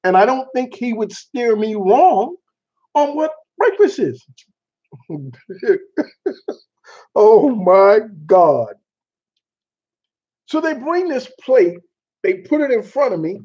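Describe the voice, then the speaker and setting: High-voiced man telling a lively story. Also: slow, long pauses, breathy edge. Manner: animated, laughing, mild cursing. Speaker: show host. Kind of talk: casual storytelling chat. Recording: dull lo-fi sound.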